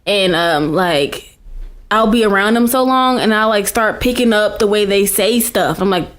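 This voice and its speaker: Woman, from the United States, podcast co-host, casual chat, giggly, rambling, animated pitch. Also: slow pace. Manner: giggly, rambling, laughs often.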